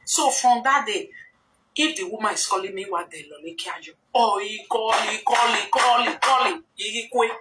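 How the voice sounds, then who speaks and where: Nigerian woman hosting a live video, sharp bright voice, rambling casual storytelling, slightly high pitch, recorded off-mic in an echoey room. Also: moderate pace, slight background noise. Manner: rambling, conversational, slips into quoted dialogue. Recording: roomy echo, distant from mic.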